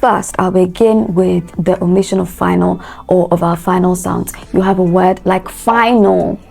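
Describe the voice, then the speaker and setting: A woman teaches English pronunciation with a warm, dark tone and a noticeable vocal fry. She spells each word out letter by letter, repeats it slowly, and asks listeners to say it after her. Soft music plays faintly behind her. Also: fairly low pitch, fairly even intonation. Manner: instructive, spells words out letter by letter and repeats them. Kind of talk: pronunciation lesson.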